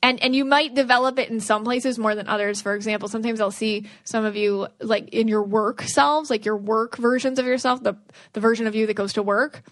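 A woman's voice: a little high, steady tone, a little fast, no echo. A woman hosting a podcast, giving spiritual advice in an earnest, rambling way that restarts sentences. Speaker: podcast host, aura reader.

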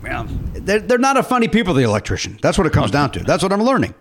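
A talk show host, a man, teasing his guests in a playful, mock-indignant way. His pitch is a little high and swings widely as he jokes. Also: wildly swooping pitch, fast. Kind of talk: casual comedic chat.

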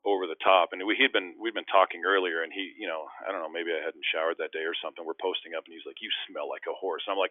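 A man's voice: sits low, fairly even intonation, quick pace, few pauses, dry recording. A man, a former pro basketball player, telling rambling, self-deprecating stories in a casual call. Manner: self-deprecating, rambling anecdotes with many restarts. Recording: tinny phone-line audio, dry.

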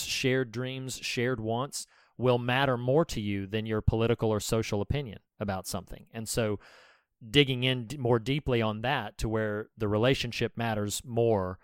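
A man co-hosting a casual film podcast, with a smooth, resonant voice recorded close and dry. He talks in an earnest, sermon-like way and drifts into scripture and encouragement. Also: mid-range voice, no room sound. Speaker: podcast co-host.

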